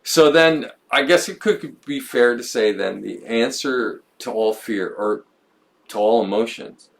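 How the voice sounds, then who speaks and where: A man's voice: mid-range voice, a little slow, gravelly. A man talking reflectively on a podcast, thinking aloud and often repeating words as he goes. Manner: musing, stumbles and repeats words. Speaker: podcast co-host. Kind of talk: reflective conversational podcast talk.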